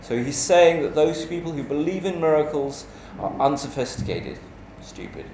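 A man preaching a sermon in a measured, emphatic way, asking rhetorical questions. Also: on the high side, a little mellow, slight background noise. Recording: echoey church hall with faint ambience.

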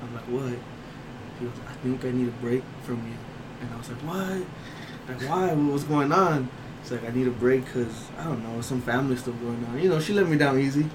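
Casting: young guy, mid-pitched, loose story-time chat over a noisy room. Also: fairly even intonation, fast talker. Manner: rambling, laughs through his story. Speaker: storyteller among friends. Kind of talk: casual chat.

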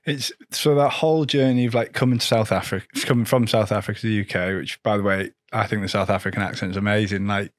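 A man hosting a podcast, relaxed and conversational, asking easy follow-up questions. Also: on the low side, fast, hardly any pauses, dry recording, studio quality. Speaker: podcast host. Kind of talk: casual interview chat.

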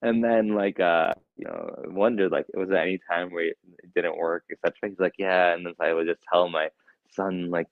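A man teaching a religious lecture in a mosque, telling a story with animated quoted voices. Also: deep voice, fairly quick, no echo. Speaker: shaykh teaching a lecture series. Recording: dull, dry lo-fi sound.

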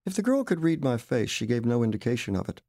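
Author guy narrating fiction, wry and expressive, lots of melody, gravel in his voice. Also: mid-range voice, quick pace, no echo, clean studio sound. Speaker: author reading his story. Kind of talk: literary audiobook narration.

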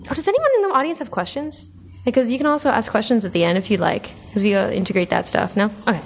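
A woman's voice: on the high side, fast talker, a little hiss or hum. A woman hosting a live podcast on a small club stage, chatty and giggly with lots of fillers. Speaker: podcast host.

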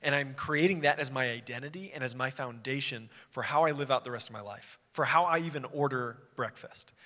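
A man's voice: medium pitch, sharp tone. A young adult male pastor preaching a sermon in a casual, conversational way, acting out quotes as he tells the story. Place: church sanctuary. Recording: long hall reverb.

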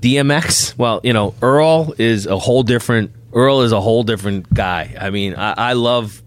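A man's voice: mid-range voice, moderate pace, dry recording. A middle-aged man, a bail bondsman, telling anecdotes on a podcast and acting out the dialogue in them. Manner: animated anecdote teller, acts out dialogue. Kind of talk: podcast storytelling.

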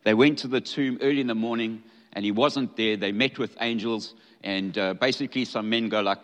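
A middle-aged man preaching a sermon in a relaxed, conversational way, with humorous asides. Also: fairly low pitch, brisk, few pauses. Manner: conversational and humorous, acting out scripture dialogue. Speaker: pastor. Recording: long hall reverb.

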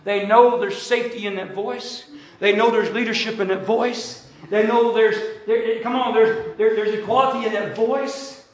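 A man preaching a sermon to his church, shouting at the peaks and drawing out his calls. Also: high-pitched, steady tone, moderate pace. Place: church sanctuary. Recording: very echoey church hall.

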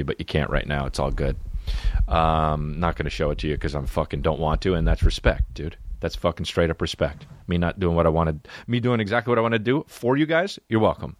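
A man's voice: a bass voice, quick pace, no echo. A young man hosting a solo comedy podcast, telling rambling stories full of swearing. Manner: profane, rambling storytelling. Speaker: podcast host.

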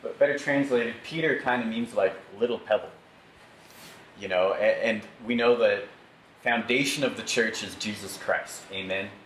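A man's voice: lowish voice, normal speed, a bit bright. A man leading a Bible study with slides, teaching conversationally and asking the group for amens. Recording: echoey room, faint background noise.

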